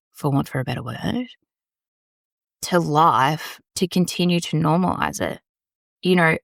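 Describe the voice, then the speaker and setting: Her voice is low and creaky, recorded at studio quality with no echo, even though she's in a small storage room. As host of a solo podcast, she delivers a casual, rambling monologue, speaking candidly and swearing offhandedly.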